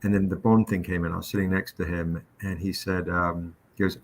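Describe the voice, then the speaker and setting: A man hosting a livestream, telling a story with lively quoted voices. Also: low-pitched, brisk, hardly any pauses. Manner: animated anecdote with quoted voices. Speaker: comic publisher hosting a livestream. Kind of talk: casual storytelling chat.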